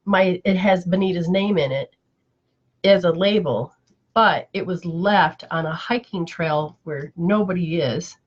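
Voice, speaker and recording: A woman's voice: lowish voice, unhurried, slightly rough, lo-fi sound. A woman spiritual teacher in casual live chat, telling stories in a rambling, emotional way with many restarts.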